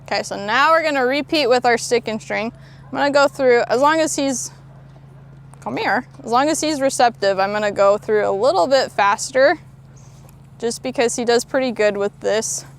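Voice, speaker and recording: Gravelly-voiced woman horse trainer. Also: a little high, normal speed. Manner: encouraging, soothing praise to a horse. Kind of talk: explaining a training demo. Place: outdoors at a horse ranch.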